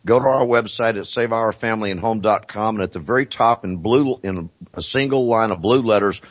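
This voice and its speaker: A man speaking as a talk show guest, explaining deliberately and repeating phrases for emphasis. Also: lowish voice, no room sound.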